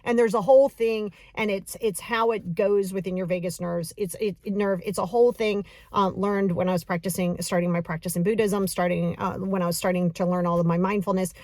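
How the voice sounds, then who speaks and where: A woman coaching a breathing exercise in a casual, encouraging, chatty way, counting slowly. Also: mid-range voice, steady tone, darkish tone, no echo, clean studio sound. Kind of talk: casual guided breathing lesson.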